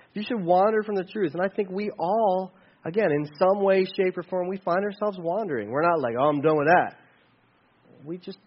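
Male pastor, high voice, casual sermon delivery, lo-fi dull recording. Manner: conversational preaching with dynamic rises and drops.

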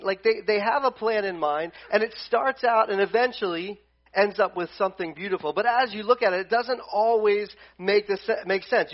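A male pastor preaching a conversational sermon at a church service, animated and full of restarts. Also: high voice, lo-fi sound.

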